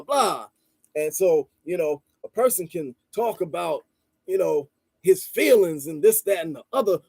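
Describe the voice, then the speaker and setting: A man telling a story in a casual monologue, rambling and repeating "you know" and "blah, blah", calm and measured. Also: on the high side, creaky, husky, dry recording. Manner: calm and measured, stresses listening before responding. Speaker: channel host and street vendor.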